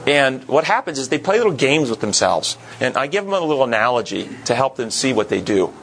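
A man's voice: medium pitch, very animated, brisk, fairly bright tone, a little hiss or hum, poor audio. A man leading a Bible study class, earnest, asking the group questions and repeating words for emphasis.

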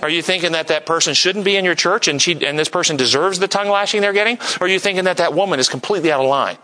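A man teaching a church group, asking lively questions and sometimes mimicking others in a high voice. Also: rapid-fire, slight background noise, poor audio. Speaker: church teacher leading a class discussion. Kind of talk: interactive sermon with audience questions.

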